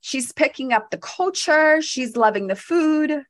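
Animated woman telling a story. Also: sits high, measured pace. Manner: animated storyteller, laughs often. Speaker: podcast co-host. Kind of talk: casual chat.

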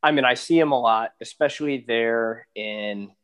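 A dog musher from Alaska chats as a guest in a casual interview, relaxed and rambling with plenty of fillers. His voice is mid-range and clean-toned, at a normal speed.

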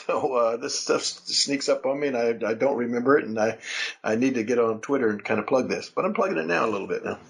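A man's voice: mid-range voice, fast talker, creaky, husky, rough recording. An older man, hosting a casual chat and telling rambling, laughing stories with many restarts. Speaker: podcast host, wrestling legend.

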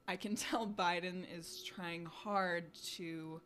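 Chatty young woman, lowish voice. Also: fairly even intonation, slow pace, a bit bright, a little hiss or hum. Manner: chatty, many fillers like "you know" and "like". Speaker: podcast co-host. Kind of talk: casual chat.

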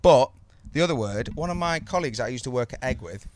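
A man in his thirties with a Birmingham accent, co-hosting a casual podcast and telling animated, sweary stories full of put-on voices. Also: medium pitch, fast talker, slight background noise. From English Midlands. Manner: animated, sweary, laughing storyteller who does voices. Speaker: podcast co-host. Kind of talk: casual chat, storytelling. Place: outdoors.

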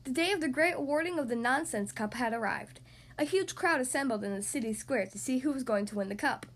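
High-voiced woman reading a children's story. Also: a little fast. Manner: expressive, animated storytelling. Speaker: podcast host and story reader. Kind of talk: children's story read-aloud.

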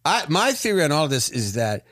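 Podcast host guy thinking out loud, lots of restarts, dry close sound. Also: a little high, very animated, normal speed, no echo. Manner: hesitant, many restarts, musing. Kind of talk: casual chat.

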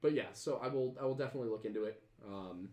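A man's voice: medium pitch, fast talker, warm tone, roomy sound. A man hosting a podcast, chatting casually and reading viewer comments, rambling with many fillers and restarts. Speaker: podcast host.

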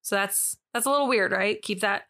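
A young woman hosts a true-crime podcast and walks through a case in loose, conversational speech. Her voice is bright and crisp, and she laughs easily and drops the odd swear word. She sits at a middle pitch for a woman. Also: a little fast. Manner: chatty, laughs often, swears. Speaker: podcast host. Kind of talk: casual true-crime storytelling.

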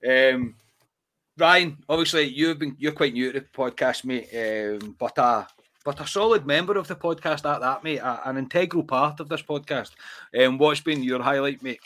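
A man's voice: mid-range voice, normal speed, fairly bright tone. A Scottish man hosting a live podcast, chatty and teasing his co-hosts between bursts of laughter. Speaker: podcast host. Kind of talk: casual chat.

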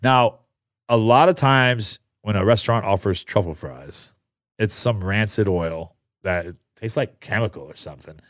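A man's voice: fairly low pitch, unhurried, a bit bright, dry recording, studio quality. A man casually reviewing restaurants and telling family stories, chatty and enthusiastic with many fillers. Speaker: podcast host reviewing restaurants. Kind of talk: casual storytelling chat.

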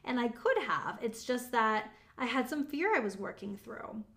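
A woman's voice: fairly high pitch, very animated, normal speed, creaky, fairly bright tone. A young woman giving a casual motivational talk, chatty and emphatic, with lots of "like" fillers. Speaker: motivational speaker on manifesting.

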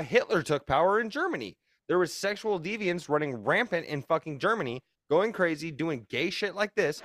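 A man hosting a podcast, talking in a loud, profane, mocking way and laughing often. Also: fairly high pitch, no room sound. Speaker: podcast host. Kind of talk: casual podcast chat.

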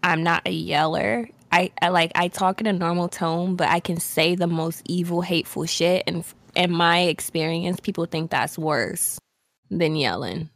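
A frank woman chatting on a podcast, her voice sitting a little low. She swears casually and challenges the others with pointed questions, and her recording sounds dry and close. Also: normal speed, gravelly, no room sound.

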